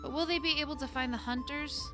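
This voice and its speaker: A woman's voice: high voice, steady tone, fast, music in the background. Woman reading a dramatic outro. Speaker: narrator. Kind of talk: scripted episode outro narration.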